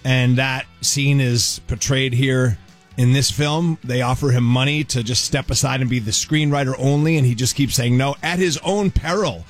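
A man hosting a talk show, chatting in a playful, animated way in a TV studio. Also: medium pitch, moderate pace, faint music behind. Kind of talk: casual studio chat.

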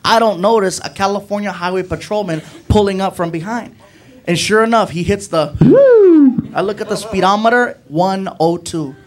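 A male stand-up comedian telling a road-trip story on a club stage in a slangy, animated way and acting out his friends' voices. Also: sits high, normal speed. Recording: noisy live club.

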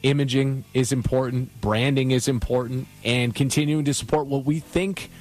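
Male sports talk co-host, husky mid voice, faint music behind. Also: mid-range voice, steady tone, moderate pace, darkish tone.

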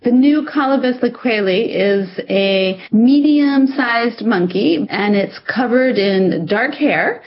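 A woman's voice: fairly high pitch, lively intonation, slow pace, hardly any pauses, dull audio, slight background noise. A woman professor and lead scientist describing a discovery enthusiastically. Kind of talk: remote interview.

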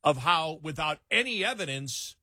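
A man's voice: fairly high pitch, lively intonation, moderate pace, sharp tone, no room sound, clean studio sound. A man hosting a late-night political talk radio show, emphatic and incredulous, often restarting his words.

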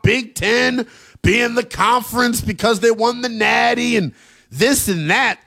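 A man hosting a late-night college football radio show, talking in an animated, emphatic way with plenty of slang. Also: very high-pitched, a little slow, vocal fry. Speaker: sports radio host.

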